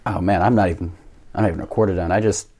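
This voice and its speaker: A young man, a podcast guest and jiu-jitsu coach, telling stories in a lively, swearing, self-mocking way. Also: sits low, very fast. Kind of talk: casual storytelling.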